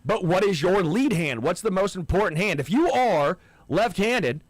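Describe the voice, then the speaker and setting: A man with a high, animated voice co-hosts a sports radio show in a studio, speaking at a normal speed into a studio microphone with no room sound. In casual banter, he argues his point eagerly and stumbles over his words when pressed.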